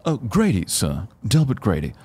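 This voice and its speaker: An actor doing a British accent, voicing a calm, formal, deferential male butler who is a ghost. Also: lowish voice, moderate pace, breathy edge, dry recording, heavily acted.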